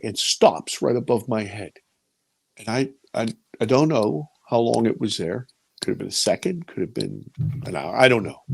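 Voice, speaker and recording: A middle-aged man with a mid-range voice recounts a personal experience as an interview guest. He is animated and emotional, repeating himself and dropping from loud bursts to near-whispers. The sound is dry and close, with no room echo. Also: medium pitch, creaky, husky. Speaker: film producer and director as interview guest.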